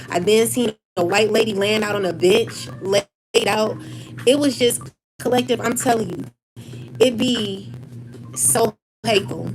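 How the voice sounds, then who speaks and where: A woman's voice: a little high, noisy background. A woman, venting angrily to camera in a profane personal rant full of repeated phrases and restarts. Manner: heated, profane and repetitive, with many restarts. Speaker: vlogger.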